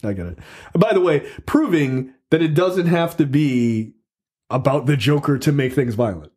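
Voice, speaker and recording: A man's voice: on the high side, animated, normal speed, darkish tone, breathy edge. A man hosting a podcast in casual chat, rambling along with many fillers and restarts. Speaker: podcast host.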